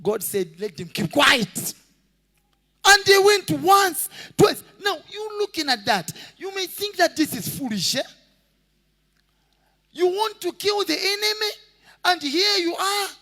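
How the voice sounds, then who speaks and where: A male pastor preaching a sermon with passion, shouting and singing out phrases and acting out the people in his stories. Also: extremely high pitch, very animated, a little slow, gravelly, in a large hall. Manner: acts out voices of people in stories.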